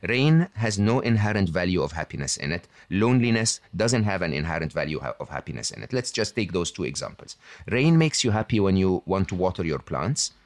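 Lowish man, teacherly with tag questions. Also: sing-song, brisk, no room sound. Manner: checks in with "hmm?", "okay?" and "right?" tags; self-assured, teacherly. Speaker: podcast guest. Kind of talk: explaining to an interviewer.

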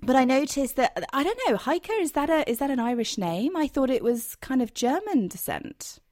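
A woman's voice: high-pitched, animated, moderate pace, darkish tone, dry recording, clean studio sound. Chatty woman hosting a podcast. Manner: chatty and effusive, with frequent restarts. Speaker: podcast host. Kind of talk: casual interview chat.

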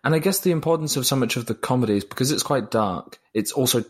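A man's voice: medium pitch, expressive, quick pace, breathy edge. A man talking through a film in a casual chat, thoughtful and a little hesitant, often repeating words. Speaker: film reviewer.

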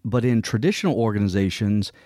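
A man's voice: lowish voice, lively intonation, fast talker, mellow, dry recording, clean studio sound. A man explaining workplace roles in an earnest, conversational way, now and then acting out what a colleague might say. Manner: earnest, explanatory, acts out quoted colleagues in passing.

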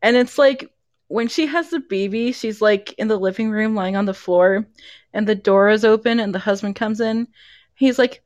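A woman's voice: medium pitch, moderate pace, darkish tone, no echo, clean studio sound. A young woman co-hosting a podcast, chatting casually and laughing often as she talks. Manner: giggly, laughs often while talking. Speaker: podcast co-host. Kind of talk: casual chat.

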